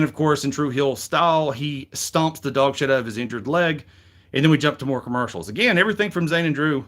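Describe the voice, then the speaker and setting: A man's voice: a little high, a bit bright. A middle-aged man with a Southern US accent, casually recapping wrestling as a show host, rambling, frank and swearing freely. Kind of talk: casual commentary.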